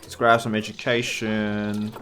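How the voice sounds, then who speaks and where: A man's voice: on the low side, little pitch movement, unhurried, fairly bright tone, a little hiss or hum. A man giving casual gameplay commentary, thinking aloud with wry asides. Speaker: gaming channel host.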